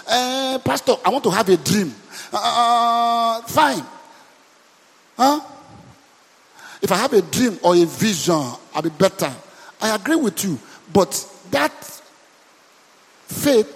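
Here a pastor with a high, husky voice delivers a sermon full of repeated questions, urging his congregation to call back their answers. Long hall reverb fills the recording.

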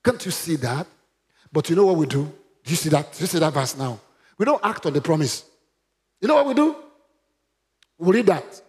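A man's voice: a little high, expressive, fairly quick. A man preaching a sermon, emphatic and calling on the congregation to repeat after him. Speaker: pastor.

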